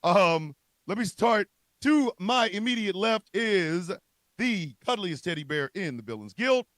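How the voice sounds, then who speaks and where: A man hosting a casual comedy chat show, excitable and profane, hyping up each guest as he introduces them. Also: sits high, measured pace, no room sound. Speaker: show host.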